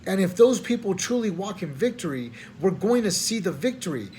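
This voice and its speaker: A man's voice: sits high, big pitch swings, fairly quick, darkish tone, slight background noise. A man, a preacher venting late at night in rambling, slangy talk full of stammered restarts and frustration. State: tired at night.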